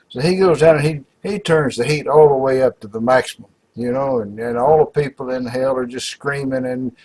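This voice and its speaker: A man's voice: mid-range voice, a little mellow, slight background noise, low-quality recording. A man telling a long joke in a folksy, rambling way, with lots of filler words. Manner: folksy, rambling, full of "you know" and "uh". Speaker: joke teller.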